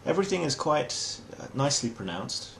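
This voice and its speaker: A man's voice: a little high, sing-song, brisk, gravelly, fairly bright tone, slight background noise. An English man hosting a comic explainer monologue in a dry, wry, mock-formal manner. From England. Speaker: host.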